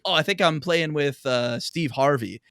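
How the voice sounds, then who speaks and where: A man's voice: a little high, moderate pace, a bit bright, no room sound. Man, podcast co-host, enthusiastic, casual chat, dry close sound. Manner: enthusiastic, complimenting.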